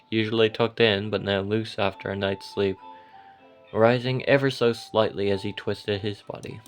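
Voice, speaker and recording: Soft-spoken man narrating a story. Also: fairly low pitch. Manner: soft, gentle and unhurried. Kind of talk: scripted second-person narration.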